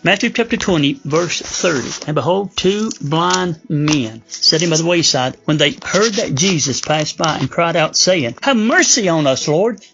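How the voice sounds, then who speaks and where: A man preaching a fervent sermon as pastor, reading scripture slowly and rising to urgent appeals. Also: on the high side, animated, gravelly, muffled recording, over music.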